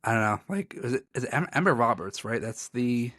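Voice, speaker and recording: A man's voice: medium pitch, expressive, brisk, a bit bright, dry recording, studio quality. A man co-hosting a podcast in casual chat, rambling and self-deprecating, often breaking into laughter. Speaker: podcast co-host.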